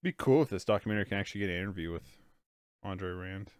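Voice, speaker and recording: Talking fast in a low voice, a congested, sleepy young man gives rambling, casual reaction commentary during a movie watch-along, leaning heavily on fillers and the word "like." The sound is clean studio quality with no room sound at all.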